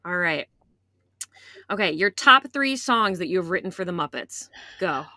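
A woman co-hosting a podcast, upbeat as she leads a round of quick questions. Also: on the low side, expressive, pushed and bright, dry recording, studio quality. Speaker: podcast co-host. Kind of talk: casual podcast interview.

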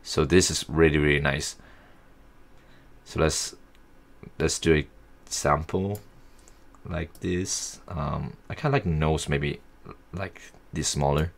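Man, low voice, unhurried, gravelly edge, easygoing thinking-aloud software tutorial. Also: fairly even intonation. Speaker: tutorial host. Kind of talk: casual screen-recorded software tutorial.

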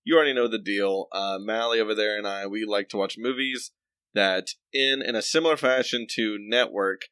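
A man's voice: fairly low pitch, moderate pace, pushed and bright, clear, resonant tone, dry recording. A young man co-hosting a movie podcast from home, chatting casually and rambling with lots of fillers. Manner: laid-back, rambling with fillers. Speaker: podcast co-host. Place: home, remote recording.

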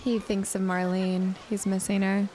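A young woman streaming a video game, chatty and excitable, thinking aloud as she plays. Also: medium pitch, normal speed, slight background noise. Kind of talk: casual let's-play commentary.

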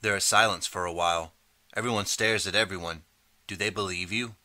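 A man reading a second-person interactive audiobook in steady, measured narration. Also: sits low, no echo.

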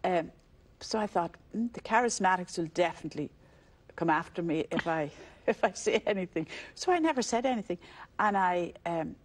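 A woman's voice: on the low side, animated, normal speed. An older woman from Ireland with an Irish accent, a religious sister telling the story of her calling in a conversational interview, acting out the voices in it and laughing easily.

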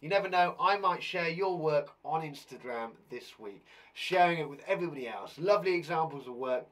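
This primary school teacher and host, a young man, talks fairly quickly in a fairly high, expressive voice during a fun live online class for children. Bouncy and playful, he addresses a monkey puppet while teaching.

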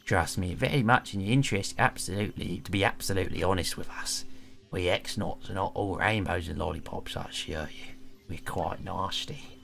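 A man's voice: deep voice, moderate pace, creaky, fairly bright tone, faint music behind, pitched below the performer's own voice. Man doing a sneering evil henchman. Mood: menacing. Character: sneering evil male alien henchman, mock Australian. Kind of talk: reading game dialogue in voices.

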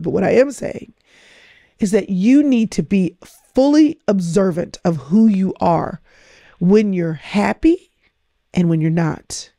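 A woman's voice: lowish voice, vocal fry, dark tone, dry recording, clean studio sound. A middle-aged woman hosting a podcast, coaching her listeners with emphatic, repetitive phrasing. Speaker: podcast host. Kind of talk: motivational talk.

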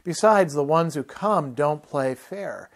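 Brief: a man lightly voicing a disdainful young male twin in a spoken book reading, cool and raised in pitch. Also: expressive, slow pace. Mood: mocking.

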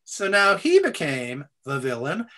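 An older man talks through a casual interview with a bright, forward voice sitting a touch high. He stumbles into false starts, laughs often and swears with relish. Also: unhurried. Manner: animated, laughing, swearing, stammering restarts. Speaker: guest actor. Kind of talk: casual interview over a call.

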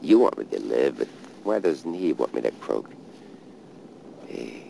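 A man talking aloud at his father's grave, halting and repeating himself in grief, recorded outdoors by a car. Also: very deep voice, big pitch swings, creaky, warm tone, a little hiss or hum, poor audio. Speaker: street hustler. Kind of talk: documentary monologue at a grave.

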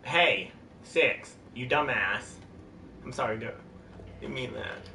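A man's voice: mid-range voice, fairly even intonation, measured pace, vocal fry, sharp tone. Man streaming a game, roomy and distant. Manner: jokey, jumpy outbursts. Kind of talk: casual gameplay commentary. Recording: roomy, distant mic, noisy.

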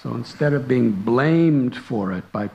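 A man, a monk and spiritual teacher, telling a devotional story in a sermon with slow, earnest, dramatic delivery. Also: mid-range voice, expressive, vocal fry, darkish tone, highs cut off.

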